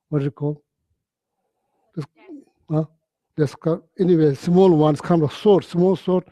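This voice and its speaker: A man giving a Buddhist teaching, telling stories in halting, repetitive phrases with many "you know"s and frequent throat-clearing. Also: fairly high pitch, dark tone, dry recording. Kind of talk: storytelling dharma talk.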